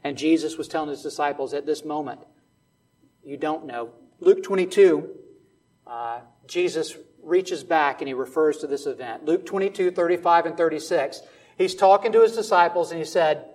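A man's voice: on the high side, normal speed, a little mellow. A man preaching a sermon as pastor, telling a story and rising to emphatic preaching.

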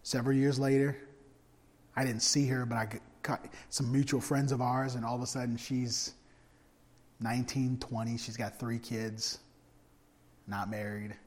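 A man preaching a sermon through personal stories, animated and humorous, swinging from loud bursts to hushed asides. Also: mid-range voice, measured pace, long pauses. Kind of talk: storytelling sermon. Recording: long hall reverb.

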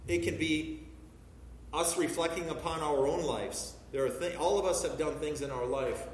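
A man's voice: fairly high pitch, slight background noise. Man preaching in an echoey hall. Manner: preaching with emphatic, measured scripture reading. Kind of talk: sermon. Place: church sanctuary. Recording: echoey church hall from far off.

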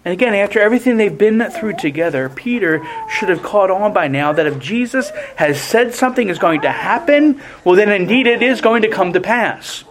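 A man preaching a sermon in a deliberate, emphatic way, often restarting his phrases. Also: sits high, slight background noise.

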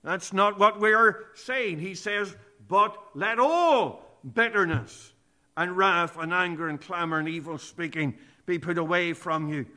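A man delivers a sermon in an earnest, emphatic way. His voice sits high and sounds bright and crisp. He quotes scripture word for word and leans hard on key words. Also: a little slow. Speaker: preacher.

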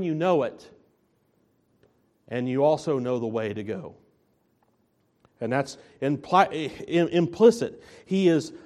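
A man's voice: high-pitched, darkish tone. A man preaching a sermon as a pastor, earnest and emphatic, often restarting his phrases.

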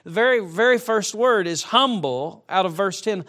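A middle-aged male preacher with a notably high voice delivers a sermon in a church. He speaks emphatically and breaks up his points with humorous asides. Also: animated, normal speed, pushed and bright. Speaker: traveling preacher. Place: church sanctuary.

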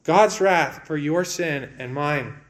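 A man preaching a sermon in an earnest way, repeating words and swinging between raised and hushed delivery. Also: on the high side, slow pace.

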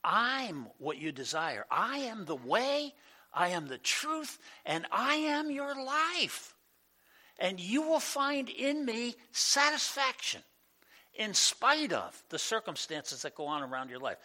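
A man voicing God as a loving, patient figure, speaking slowly and solemnly in a sermon. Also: fairly high pitch, big pitch swings, pushed and bright, full character voice. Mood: earnest.

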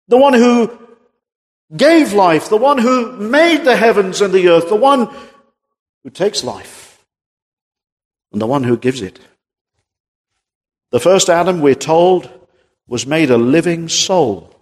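A man preaching a sermon, rising to high emphatic peaks and then dropping low and quiet. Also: animated, slow pace, pauses often, husky. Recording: long reverb of a large hall.

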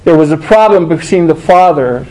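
Lively, emphatic male preacher. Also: a little high, moderate pace, rough recording. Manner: conversational and emphatic, with rhetorical questions. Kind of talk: sermon.

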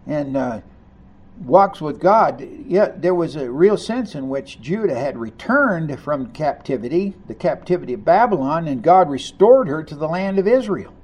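A man preaching a sermon, reading scripture aloud and commenting on it, rising to loud emphasis on key lines. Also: on the high side, lively intonation, moderate pace, husky, muffled recording. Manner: reads scripture aloud and comments between passages.

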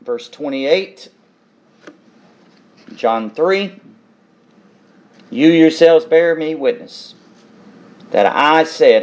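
A man's voice: on the high side, animated, very slow, long pauses, darkish tone. A man preaching an expository sermon, reading scripture verses aloud and then explaining them with emphatic repetition.

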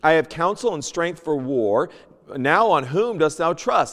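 A man teaching a Sunday school lesson, reading King James scripture aloud and moving between loud emphasis and hushed asides. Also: on the high side, lively intonation, unhurried, big-room sound. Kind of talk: Bible teaching, sermon. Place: church.

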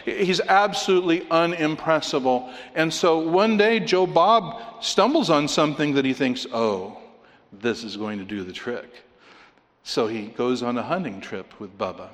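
A man's voice: fairly high pitch, animated, measured pace, long reverb tail. A man preaching a sermon, telling a joke and reading scripture, asking his listeners rhetorical questions. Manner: storytelling, asks the congregation rhetorical questions.

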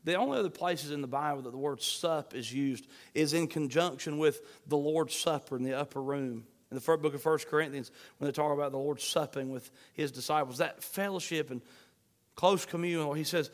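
A man preaching a sermon, fervent, swinging between shouts and hushed pleading. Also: fairly high pitch, moderate pace. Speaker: pastor. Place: church sanctuary. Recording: long hall reverb.

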